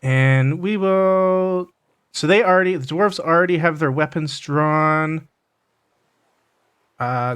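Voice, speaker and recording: A man narrating a tabletop game as game master, halting with fillers and restarts. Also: fairly high pitch, a bit bright, clean tone.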